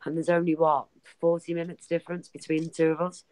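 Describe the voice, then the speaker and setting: A woman's voice: sits low, little pitch movement, a little mellow, no room sound. A woman with a Liverpool Scouse accent, chatting casually and teasing friends on a video call. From Liverpool, England. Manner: chatty, teasing, quick to laugh.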